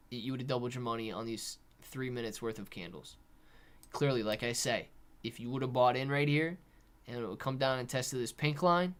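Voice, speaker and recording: A young man hosting a live stock and crypto stream, talking casually, reading chat questions and slipping into sarcastic rants. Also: mid-range voice. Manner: animated, sarcastic rants, reads chat aloud. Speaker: livestream host. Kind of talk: casual live market commentary.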